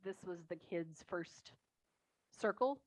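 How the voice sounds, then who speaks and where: A woman's voice: fairly low pitch, animated, slow, no room sound, low-quality recording. A woman co-hosting a podcast, adding short, dry asides to the chat. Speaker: podcast co-host. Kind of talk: casual chat.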